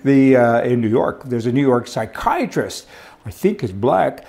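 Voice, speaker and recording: A man's voice: mid-range voice, big pitch swings, unhurried, gravelly, dark tone. A middle-aged man from Canada delivering a blunt, sarcastic monologue of opinion commentary.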